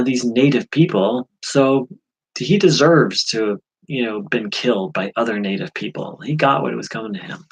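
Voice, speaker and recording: Husky-voiced American man, halting reflection. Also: fairly low pitch, fairly bright tone, poor audio. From USA. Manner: halting, many fillers and restarts. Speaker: spiritual teacher. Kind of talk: reflective spiritual vlog.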